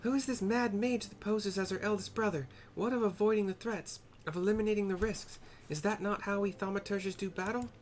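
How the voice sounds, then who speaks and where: A man voicing a small male mage who asks indignant questions in a raised, high voice. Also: steady tone, fairly quick, hardly any pauses, lightly acted.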